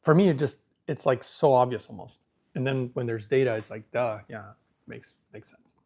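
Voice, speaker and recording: A man's voice: mid-range voice, moderate pace, warm tone. A man hosting a casual live question-and-answer stream, thinking aloud as he reads from the screen and talking with easy self-assurance. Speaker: livestream host answering viewer questions.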